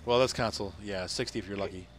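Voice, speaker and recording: A man's voice: fairly low pitch, very fast, a little hiss or hum. A man from Ohio chatting casually on a live game stream, rambling and laughing often. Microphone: headset.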